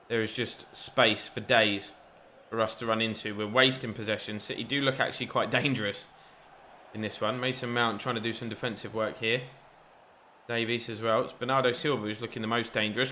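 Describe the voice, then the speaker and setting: Excitable gamer commentating football. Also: male voice, medium pitch, brisk, slight background noise. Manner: excitable, chatty, mock-commentator play-by-play. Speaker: gaming YouTuber. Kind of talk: live commentary over a football video game.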